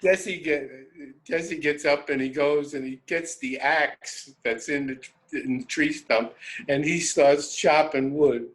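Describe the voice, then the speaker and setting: A man telling a road story on a radio show, animated and self-interrupting, often laughing. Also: on the high side, slow pace, low-quality recording. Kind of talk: casual storytelling.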